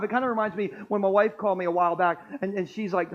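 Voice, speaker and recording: Pastor, male, high voice, playful crowd-working preacher in a church, lo-fi sound. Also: fairly even intonation, quick pace, few pauses. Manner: joking, playful, crowd-engaging. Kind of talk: sermon. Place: church auditorium.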